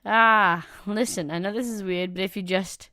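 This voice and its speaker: Woman doing a blunt female talking sword, brusque, teasing, dry close sound, mid-pitched. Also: fairly even intonation, brisk, a little mellow, no room sound, lightly acted. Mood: coaxing.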